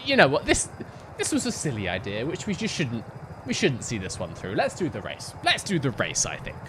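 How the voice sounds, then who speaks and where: A man's voice: medium pitch, huge pitch swings, brisk, background noise. A young man streaming a racing game from his home setup on a headset mic, chatting in a rambling, self-deprecating way with giggly asides. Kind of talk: casual gaming live-stream chat.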